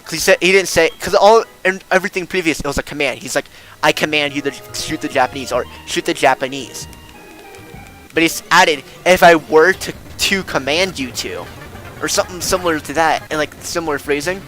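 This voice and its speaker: A man's voice: fairly high pitch, fairly quick, bright, forceful tone, soft background music, rough recording. A young man streaming a game, rambling casually and self-deprecating, getting worked up when he rants. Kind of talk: casual gameplay stream chatter.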